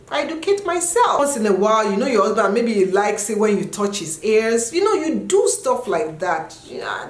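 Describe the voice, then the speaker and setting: Animated woman vlogger in an echoey room. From Nigeria. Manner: animated, jumps into high sung and yelled bits. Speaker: vlogger answering viewer questions. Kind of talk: casual chat.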